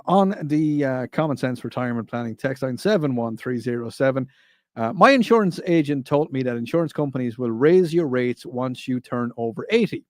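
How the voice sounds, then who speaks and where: A man's voice: mid-range voice, a little mellow, no echo, studio quality. A man hosting a casual talk radio show, joking and rambling loosely. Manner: jokey, laughs easily, loose and rambling. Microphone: studio microphone.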